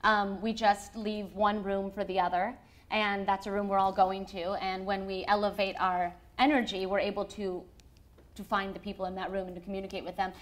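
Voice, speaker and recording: A woman in her thirties, a guest telling a personal story in a lively, animated way, often laughing. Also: medium pitch, moderate pace. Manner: lively, acts out quoted voices, laughs often.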